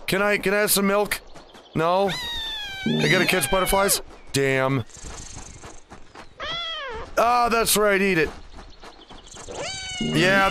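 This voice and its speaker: High, animated man playing a game. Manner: playful, profane, speaks in first person as his cat with mock meows. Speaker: gaming channel host. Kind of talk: let's play commentary. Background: game music.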